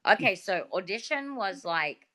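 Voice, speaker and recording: An Australian woman with a bright, forceful voice tells stories as a guest on a video call. She talks in a chatty, animated way and leans on plenty of fillers. Her pitch sits at an ordinary middle height. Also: a little slow. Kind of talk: casual interview talk.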